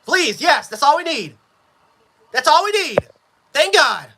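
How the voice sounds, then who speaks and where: A man giving a live sports reaction, frustrated and profane, swinging between yelling and low muttering. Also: big pitch swings, measured pace, noisy background. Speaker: sports fan streamer.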